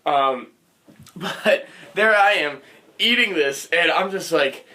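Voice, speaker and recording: A man's voice: fairly high pitch, lively intonation, slow pace, pushed and bright. A young man casually telling a rambling story on a podcast, laughing as he goes. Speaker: podcast co-host.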